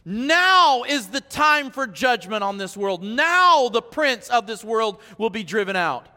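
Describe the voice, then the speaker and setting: High, bright-voiced preaching pastor. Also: male voice, expressive, measured pace, in a large hall. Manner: swings from hushed to fervent preaching. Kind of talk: sermon. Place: church sanctuary.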